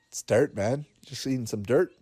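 A man's voice: mid-range voice, mellow, breathy edge, no room sound. A man chatting casually while watching a cartoon, laughing often and thinking aloud with fillers. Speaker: cartoon reaction commentator. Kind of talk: casual watch-along commentary.

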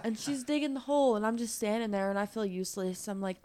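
A woman's voice: fairly high pitch, fast talker, a loud crowd. A woman telling a childhood story in casual chat, giggling along the way.

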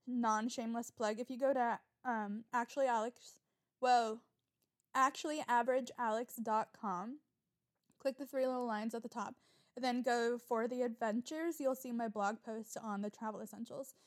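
A young woman hosting a solo podcast, rambling in an animated, swearing manner and getting riled up as she talks. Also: fairly high pitch, normal speed. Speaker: podcast host.

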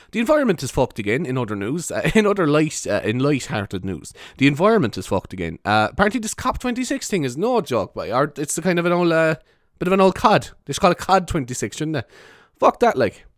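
A man's voice: on the high side, dry recording, clean studio sound. A young man with a Cork Irish accent, chatting casually to camera, rambling, swearing often and laughing at himself. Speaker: vlogger. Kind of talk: casual rambling vlog chat.

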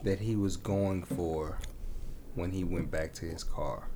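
A man's voice: low voice, fairly even intonation, takes it slowly, mellow, slight background noise. A man talking earnestly in a casual discussion, building to emotional emphasis as he makes his point.

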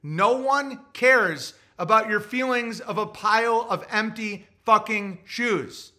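Bright high-pitched guy on a stream, blunt and crude, just lecturing people. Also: slow. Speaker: livestream host. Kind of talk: ranting livestream monologue.

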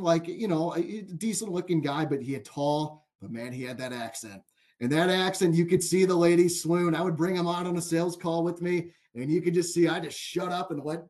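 A man with a fairly high voice hosts a casual sports betting podcast. He is chatty and amused, tells stories with a lot of "like", and leads the conversation between the other hosts. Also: a little mellow. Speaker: podcast host.

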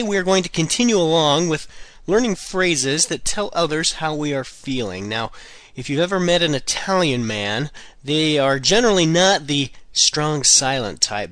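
A man hosting a language-learning podcast, teaching phrases with slow, careful repetition. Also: a little high, a bit bright, no room sound. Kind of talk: language lesson.

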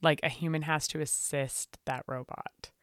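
A woman co-hosting a casual podcast chat, opinionated and profane, often mimicking people in high voices. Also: fairly even intonation, normal speed, no room sound, studio quality. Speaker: podcast co-host.

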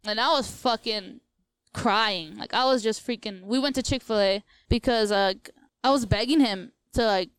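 A woman's voice: fairly high pitch, normal speed, smooth, dry recording, poor audio. A young woman in her twenties on a casual podcast, telling a breakup story with lots of quoted back-and-forth and "like". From Latina, US.

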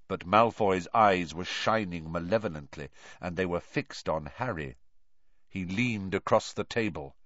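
A man narrating an audiobook in a lively, expressive reading style. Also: low-pitched, a little slow, no room sound, dull audio.

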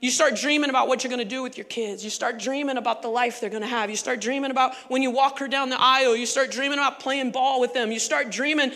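A woman pastor preaching a sermon in a church, animated and conversational with laughing asides. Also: sits high, fast, few pauses, in a large hall.

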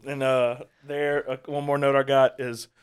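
A man's voice: medium pitch, level tone, clean tone. Rambling man hosting a movie chat. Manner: rambling, halting, many fillers and restarts. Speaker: host leading a movie reaction. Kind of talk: casual chat.

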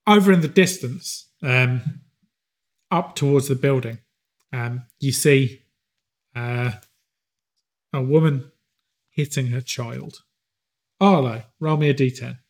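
A man running a tabletop game as game master, narrating haltingly with many pauses and filler sounds. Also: mid-range voice. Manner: halting, full of ums, slows for grim scenes.

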